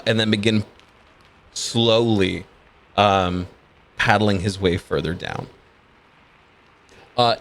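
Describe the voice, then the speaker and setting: A man narrating as game master of a tabletop game, describing scenes in a relaxed way with frequent ums and uhs. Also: on the low side.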